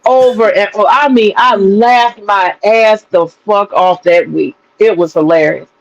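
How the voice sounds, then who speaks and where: A man's voice: sits high, measured pace, vocal fry, highs cut off. A man chats on a livestream panel in a loose, profane way. He laughs often and circles back on his own phrases. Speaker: streamer and panel host. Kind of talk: casual livestream panel chat.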